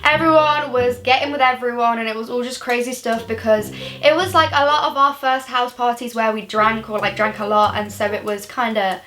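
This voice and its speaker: A woman's voice: on the high side, fairly even intonation, fairly quick, fairly bright tone, slight background noise. A young woman chatting through a personal story for her vlog, rambling and full of "like" fillers. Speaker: vlogger. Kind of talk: casual storytime. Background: background music.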